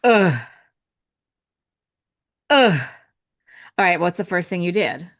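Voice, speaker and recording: A woman's voice: fairly low pitch, lively intonation, takes it slowly. A woman podcast host interviewing a guest, with supportive reactions and follow-up questions. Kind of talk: conversational interviewing.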